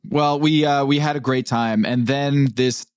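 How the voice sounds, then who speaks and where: A man co-hosting a podcast in a casual chat, jumping in with quick remarks. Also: mid-range voice, fairly even intonation, smooth, no echo, clean studio sound. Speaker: podcast co-host.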